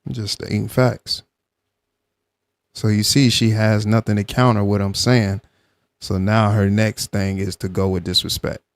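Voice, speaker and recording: A man hosting a live reaction stream, arguing with a guest and then calmly explaining his side to the chat. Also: on the low side, unhurried, no room sound. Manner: argumentative, calm when explaining to chat.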